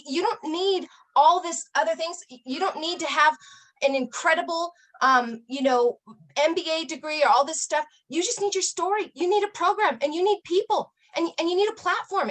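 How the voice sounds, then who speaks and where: A woman's voice: high-pitched, fairly bright tone. A middle-aged woman, a health coach, giving a motivational talk and telling a story earnestly, with emphatic repetition.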